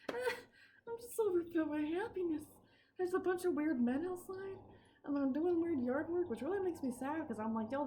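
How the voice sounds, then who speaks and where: A woman's voice: extremely high pitch, warm tone. A young woman vlogging outdoors in her backyard, rambling and giggling and often sidetracked, recorded on a phone. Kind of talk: casual chat.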